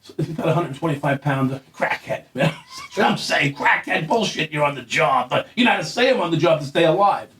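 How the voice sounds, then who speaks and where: A man's voice: fairly high pitch, expressive, fast, a bit bright, distant mic, slight background noise. A man telling a long story in casual chat, acting out quoted lines, swearing and laughing as he goes. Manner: acts out quoted lines in a raised voice. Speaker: guest.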